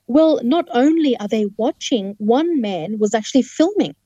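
A woman's voice: a little high, expressive, moderate pace, warm tone, no room sound, dull audio. A woman telling a personal testimony as an interview guest, earnest and vivid, with restarts and acted-out quotes.

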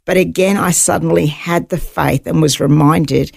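A woman's voice: deep voice, fairly even intonation, normal speed, vocal fry, slightly rough, no echo, clean studio sound. A woman guest on an interview show, vividly retelling her own survival story. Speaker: guest, author.

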